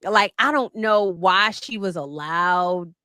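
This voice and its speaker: A woman commentator in a casual panel chat, animated and laughing, with many restarts. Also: lowish voice, takes it slowly, clear, resonant tone, no echo, studio quality.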